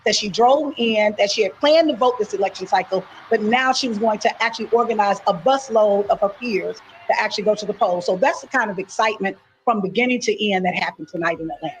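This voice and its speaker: A woman's voice: medium pitch, quick pace, hardly any pauses, faint music behind, low-quality recording. A woman reporting from the field, recapping an event earnestly with a few fillers. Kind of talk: news report, live recap.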